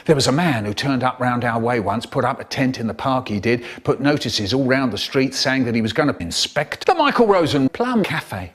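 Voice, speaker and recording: Animated male storyteller with a lively voice. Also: mid-range voice, moderate pace. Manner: dramatic, with big swings between loud and hushed.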